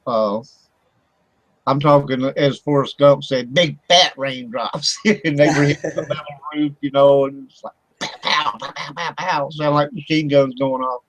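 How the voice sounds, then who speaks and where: A man's voice: mid-range voice, fairly even intonation, a little slow, no room sound, dull audio. A man hosting an internet radio talk show. He tells a rambling story with lots of fillers and laughter. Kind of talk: casual chat. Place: home studio for internet radio.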